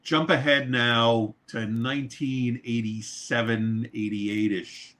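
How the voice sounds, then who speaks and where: A man's voice: medium pitch, takes it slowly. A man from New York, a record producer and mixer, telling a long story as an interview guest, swearing freely. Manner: animated, swears freely, laughs mid-story.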